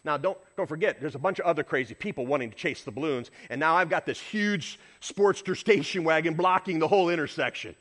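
High, bright-voiced animated man preaching. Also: brisk, few pauses. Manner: animated storyteller, acts out shouts and honks. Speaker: pastor. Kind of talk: sermon with storytelling.

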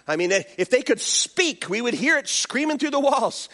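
Animated high-voiced male pastor preaching. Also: moderate pace. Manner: animated preaching with call-and-response and acted-out voices. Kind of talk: sermon.

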